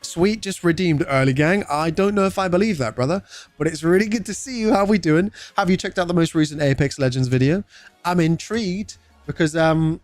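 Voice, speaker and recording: A man's voice: a little high, a little fast, dry recording, soft background music. A young British man streaming live, chatting casually, greeting viewers by name and swearing freely. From United Kingdom.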